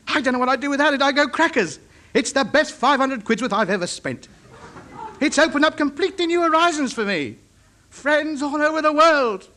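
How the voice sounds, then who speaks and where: A pompous radio ham, high lively voice. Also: male voice, exaggerated voice. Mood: musing. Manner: muttering to himself, chatty, pompous. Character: lonely, self-important middle-aged male amateur radio ham. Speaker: radio comedy actor. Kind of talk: 1950s radio comedy acting. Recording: hissy old broadcast recording.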